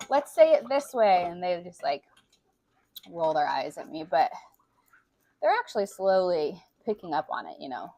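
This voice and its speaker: Her voice is on the low side and dark in tone, with lively intonation at a normal speed. She's a woman in her forties doing a frank, chatty vlog, heavy on swearing and filler words.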